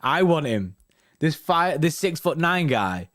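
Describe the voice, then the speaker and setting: A man's voice: a little high, sing-song, a little slow, fairly bright tone. A young man hosting a football fan live stream, chatting casually with viewers, full of slang and tags like "innit" and "you know what I mean".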